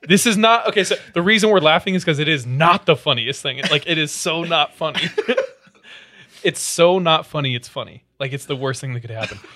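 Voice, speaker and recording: A man co-hosting a casual podcast chat, telling stories in an animated way and laughing often. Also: on the high side, normal speed, a little hiss or hum. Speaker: podcast co-host.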